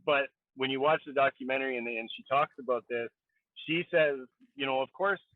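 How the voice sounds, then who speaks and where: A man co-hosts a podcast in a loose, casual chat, speaking at a medium pitch and a fairly quick pace while he thinks aloud and keeps restarting. The line sounds tinny and phone-like, completely dry with no echo.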